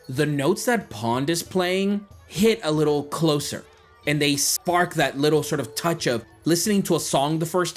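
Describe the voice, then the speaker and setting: A man narrating a tabletop game as game master, describing scenes with lots of fillers. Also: fairly high pitch.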